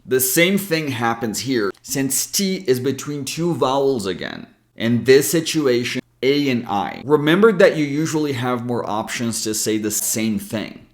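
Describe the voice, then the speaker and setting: An English pronunciation coach with an American accent explains pronunciation patiently in a recorded video lesson. His medium-pitched voice has lively intonation, and he speaks unhurriedly with few pauses.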